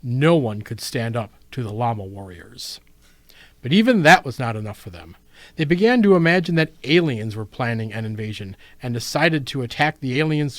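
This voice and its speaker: A man's voice: mid-range voice, a bit bright, dry recording. Male radio host, storyteller reading, studio mic, dry sound. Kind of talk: hosting and reading submitted pieces.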